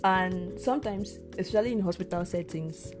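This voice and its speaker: Nigerian woman, low voice, emphatic repeats. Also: moderate pace, music in the background. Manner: reflective, repeats words for emphasis, laughs often. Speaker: podcast co-host. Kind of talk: casual chat.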